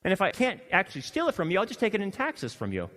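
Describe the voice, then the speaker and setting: A male pastor preaching a sermon, animated and swinging between loud emphasis and quiet asides. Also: high voice, quick pace, in a large hall. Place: church hall.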